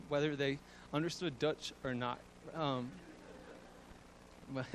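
A man's voice: mid-range voice, steady tone, normal speed, a little hiss or hum, rough recording. A young man giving a fond eulogy for his grandmother, chuckling often and using fillers. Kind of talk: eulogy speech.

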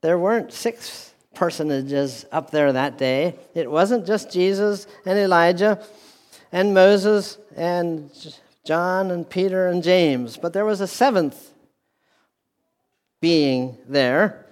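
Male pastor, sermon, slow deliberate delivery, slightly high voice, long hall reverb. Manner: deliberate preaching with repeated phrases and restarts. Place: church hall with a speaker system.

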